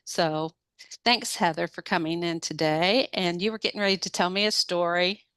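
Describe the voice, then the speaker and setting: A woman host with a lowish, smooth and clear voice opens a casual talk. She speaks in a relaxed, unhurried manner. The sound is dry and close. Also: no room sound. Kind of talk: casual podcast introduction.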